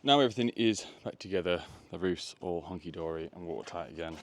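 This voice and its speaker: A man's voice: deep voice, quick pace, dry recording. A man, an electrician, talking through his work in an on-the-job vlog, thinking aloud as he goes, filmed on a phone outdoors and in a loft. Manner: chatty, thinking aloud while working. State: out of breath at times. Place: outdoors on a roof and in a loft, rainy. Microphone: phone camera.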